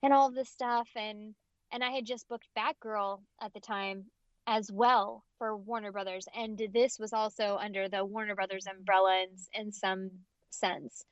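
A woman voice actress giving emphatic, expressive interview answers, often restarting her sentences. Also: mid-range voice, normal speed, dry recording. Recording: slightly dull, dry audio.

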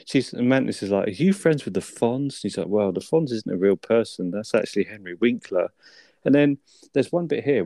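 A man's voice: fairly low pitch, mellow, no echo. A man co-hosting a casual film review chat, laid-back and full of tag questions. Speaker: film review podcast co-host.

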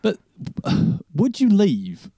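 A man's voice: high-pitched, huge pitch swings, extremely slow, warm tone, no echo. A man chatting in a laid-back, slangy way, laughing often. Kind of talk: casual chat.

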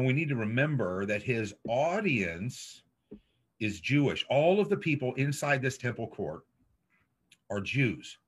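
A man preaching a sermon as a pastor, emphatic and dramatic, letting his voice sink low at the ends of points. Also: breathy edge. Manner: slow, emphatic preaching with dramatic drops in volume. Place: streamed over video call. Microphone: video call mic.

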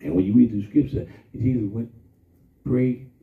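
A man preaching a sermon in a call-and-response style, drawing out his emphasis slowly and then rushing through asides. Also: medium pitch, gravelly. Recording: distant, echoey, phone-like sound from far off.

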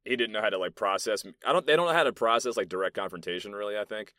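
Racing along in a fairly low, bright voice with a forceful edge, a young New Yorker hosts a solo podcast with no echo. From a soundproof meeting room, he rambles and curses through loose stories thick with fillers.

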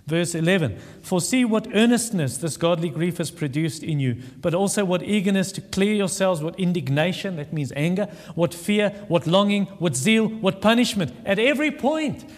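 A man delivers a sermon, earnest and emphatic, hammering points home by repeating words. His voice sits on the higher side for a man. The sound rings with the long reverb of a large church hall. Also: lively intonation, moderate pace, hardly any pauses. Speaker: pastor.

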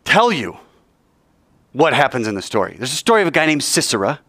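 Lively, animated male Bible teacher. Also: medium pitch, brisk, dry recording. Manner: joking, vivid, addresses listeners directly. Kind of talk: animated storytelling lesson. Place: hot indoor room.

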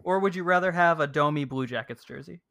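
A man's voice: a little high, quick pace, vocal fry, a bit bright. A man co-hosting a casual sports podcast, easygoing and teasing. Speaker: podcast co-host.

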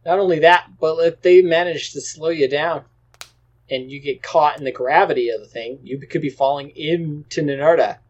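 A man's voice: on the high side, normal speed, highs cut off. A man running a tabletop game as game master, giving dry, teasing warnings to the players.

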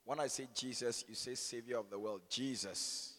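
A man's voice: mid-range voice, moderate pace, a bit bright, a little hiss or hum. A man, a preacher who leads prayer and then teases his congregation in call-and-response. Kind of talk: sermon with opening prayer. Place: church hall. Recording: long church hall reverb.

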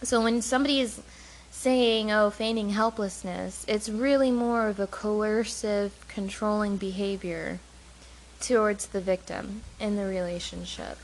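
In casual conversation on a talk show she co-hosts as a caregiver, a woman speaks at medium pitch with fairly even intonation and no hurry. The rough recording has a bit of hiss or hum, and she laughs easily while earnestly tackling a difficult topic.

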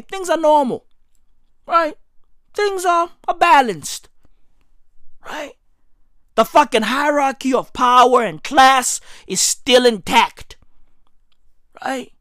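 A woman rants in a profane comic monologue. Her voice sits high and leaps wildly up and down, but she takes her time between points. She keeps tossing out "right?" and breaks into shrill mock shouts, recorded close and dry with no room sound. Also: dry recording. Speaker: comedian. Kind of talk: profane comic rant to camera.

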